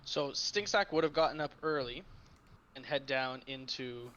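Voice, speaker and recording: Player, male, mid pitch, bright tone, level and firm, faint hiss. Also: normal speed, dull audio. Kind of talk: casual role-play chat.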